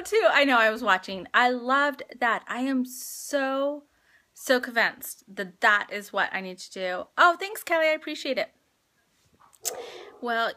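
Woman, 30s, live-stream host at home on a handheld phone: slightly high, bright and forceful, chatty, laughs a lot, heavy on fillers. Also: expressive, a little slow. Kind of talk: casual live-stream chat. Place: at home indoors.

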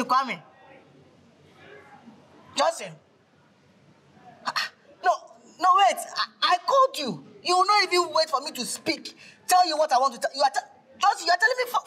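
A man playing a high, stammering broke man pleading on the phone. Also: lively intonation, normal speed, pauses often, pushed and bright, exaggerated voice. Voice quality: stammering, repeats words. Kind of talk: comedy skit acting.

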